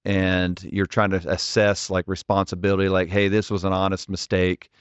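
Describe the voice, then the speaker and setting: A man's voice: low voice, monotone, normal speed, clean tone, no room sound, lo-fi sound. A man in his forties, a ministry leader, telling stories earnestly and directly in an interview, often restarting his words. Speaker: ministry leader, podcast guest. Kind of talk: conversational interview storytelling.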